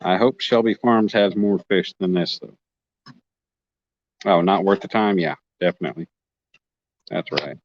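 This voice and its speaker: A man's voice: deep voice, unhurried, long pauses, no room sound, muffled recording. A man from Oklahoma chatting casually on a fishing livestream outdoors, reading comments and joking with viewers. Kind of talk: casual live-stream chat reading comments. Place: outdoors at a lake bank.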